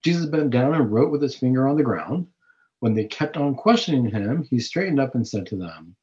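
A man's voice: medium pitch, big pitch swings, a little fast, a little mellow. A man hosting a Catholic talk show, giving a preaching-style reflection on scripture with rhetorical questions. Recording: dull lo-fi recording.

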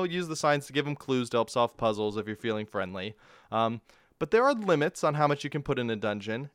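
A man's voice: mid-range voice, a bit bright, clear, resonant tone, no echo, studio quality. A man hosting a casual game review podcast, rambling, self-mocking and laughing often. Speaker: podcast host.

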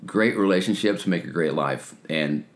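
A man in his late forties co-hosting a podcast. He chats in an easygoing way, and his voice is scratchy from shouting. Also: normal speed. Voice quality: deep, scratchy. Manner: easygoing, laughs often. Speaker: podcast co-host. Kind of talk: casual podcast chat.

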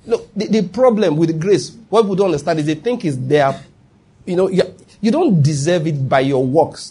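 A man's voice: on the high side, warm tone, slightly rough. A man with a Nigerian accent preaching a sermon, emphatic and often asking whether listeners follow his point. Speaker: pastor.

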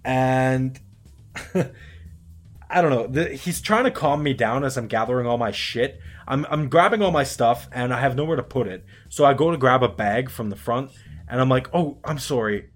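Young adult man, podcast co-host, animated storyteller who swears freely. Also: mid-range voice, moderate pace. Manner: animated, swearing, acts out quotes. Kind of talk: casual storytelling chat.

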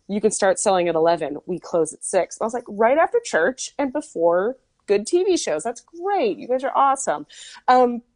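A woman's voice: medium pitch, a little mellow, no room sound. A woman host from Minnesota chatting casually, telling a story with lots of asides and "like". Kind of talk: casual chat.

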